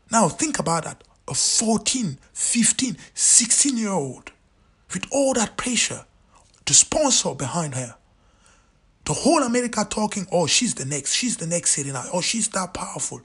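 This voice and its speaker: Animated breathy man in his thirties. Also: high voice, normal speed. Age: 30s. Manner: animated, emphatic, repeats points, drops to near-whispers. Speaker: show host. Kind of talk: opinionated commentary monologue.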